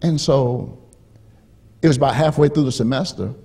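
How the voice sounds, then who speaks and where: A man preaching a sermon as pastor, repeating key phrases and swinging from hushed storytelling to rising, emphatic shouts. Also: medium pitch, normal speed, slightly rough.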